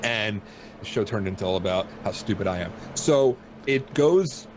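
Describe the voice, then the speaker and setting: A man's voice: fairly low pitch, lively intonation, normal speed, background noise. A man hosting a podcast from home, telling a rambling, self-deprecating story in casual chat. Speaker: podcast host.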